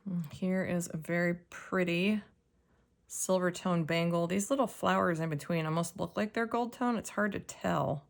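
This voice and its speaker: A woman casually narrating a jewelry unboxing, soft-spoken and sometimes dropping to a whisper as she examines pieces. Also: fairly low pitch, moderate pace, vocal fry. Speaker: jewelry reseller.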